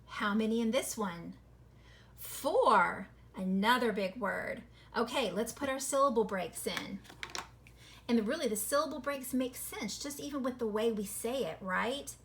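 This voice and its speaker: A woman teaching a phonics lesson to children, encouraging and sounding words out slowly syllable by syllable. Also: fairly high pitch, fairly bright tone, slight background noise. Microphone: recorded video lesson.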